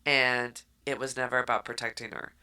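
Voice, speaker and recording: A woman co-hosting a podcast, retelling a book in casual, animated chat and acting out the characters' quotes. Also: a bass voice, fairly quick, smooth. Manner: animated storytelling, acts out quotes. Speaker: podcast co-host.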